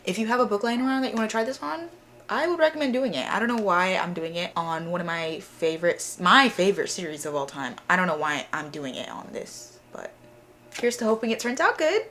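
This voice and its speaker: A young woman chatting casually in a reading vlog, gushing and excitable, full of repeats and fillers. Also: mid-range voice, slight background noise. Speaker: book vlogger.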